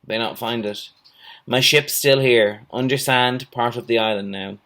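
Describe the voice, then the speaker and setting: A man's voice: mid-range voice, a little slow, bright, forceful tone. A man voicing an old hermit in broken English. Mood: solemn. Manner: clipped broken English, plain short phrases. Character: old lonely male island hermit, wary. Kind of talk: reading a storybook aloud.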